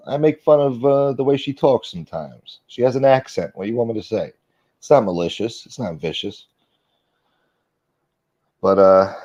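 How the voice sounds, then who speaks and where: A man with a lowish, dark-toned voice hosts his own livestream, casually launching into a defensive, profane rant at his critics. The audio is dull, lo-fi stream quality.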